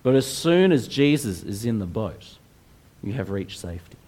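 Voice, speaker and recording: A man preaching a sermon in a slow, earnest way, with pauses between phrases. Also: on the low side, sing-song, a little mellow, a little hiss or hum.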